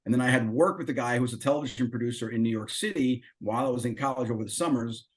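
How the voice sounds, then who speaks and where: A man's voice: medium pitch, rapid-fire. A middle-aged man as an interview guest, telling his story casually and acting out quoted dialogue. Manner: lively storyteller who acts out quoted dialogue.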